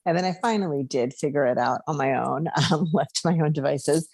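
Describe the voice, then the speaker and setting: A woman's voice: low-pitched, fairly quick, darkish tone, dry recording. A woman co-hosting a podcast in casual chat, laughing often and chatty with many fillers. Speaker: podcast co-host.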